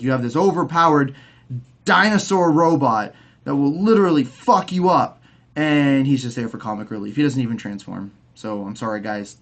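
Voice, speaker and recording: A young man ranting in a casual video review, swearing, heated, often stumbling over his words with repeated restarts. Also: medium pitch. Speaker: movie reviewer.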